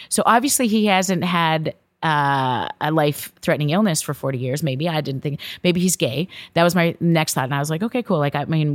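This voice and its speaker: Low, gravelly-voiced woman telling a story. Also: dry recording. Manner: candid, swearing freely, animated when recounting dialogue. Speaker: podcast host, psychologist. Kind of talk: personal storytelling.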